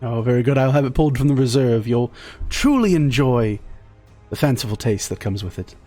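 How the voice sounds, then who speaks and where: A man voicing a polished, formal waiter in a tabletop game, with courteous, drawn-out sales patter. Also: mid-range voice, animated, warm tone, no room sound, faint music behind, natural voice. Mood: genteel. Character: polished, formal male fine-dining waiter.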